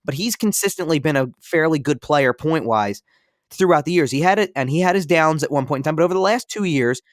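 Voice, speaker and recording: A man's voice: fairly high pitch, lively intonation, a little fast, dry recording, studio quality. A man co-hosting a podcast in casual sports talk, rambling and repeating himself with many fillers. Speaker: podcast co-host.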